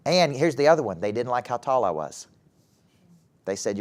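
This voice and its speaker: A middle-aged man with a Southern US accent giving a live motivational talk to young people, animated and often asking the audience questions. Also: mid-range voice, normal speed. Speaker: motivational speaker and former coach. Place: event hall with a live audience.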